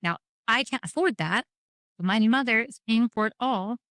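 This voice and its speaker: A woman's voice: a little high, normal speed, fairly bright tone, dry recording. A middle-aged woman talking frankly and wryly about grief as a guest, telling her story with lots of quoted back-and-forth. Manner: frank, wry, rambling storytelling with quoted dialogue. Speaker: podcast guest. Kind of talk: candid conversation about grief.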